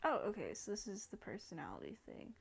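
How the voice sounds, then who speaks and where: A woman's voice: medium pitch, huge pitch swings, quick pace, vocal fry, slightly rough. A young woman hosting a gaming channel, chatting casually over gameplay, rambling with many fillers and restarts.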